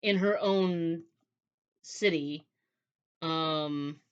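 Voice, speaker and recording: A woman's voice: low-pitched, very slow, smooth, muffled recording. A woman who reviews books, chatting in a rambling, casual way and acting out characters' dialogue. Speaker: book reviewer. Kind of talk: casual book review chat.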